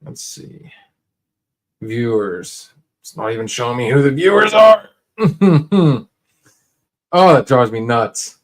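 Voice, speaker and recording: A man's voice: medium pitch, big pitch swings, takes it slowly, long pauses. A man hosting a casual livestream, talking straight to viewers in a laid-back, rambling way full of restarts and fillers. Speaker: livestream host.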